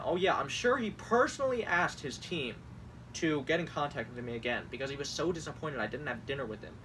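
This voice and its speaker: Exasperated young man, sarcastic and bright. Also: medium pitch, big pitch swings, quick pace, far from the mic. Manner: exasperated, sarcastic, swearing, laughing often. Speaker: commentator reading campaign messages. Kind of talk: casual reaction commentary. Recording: mic set back, faint room noise.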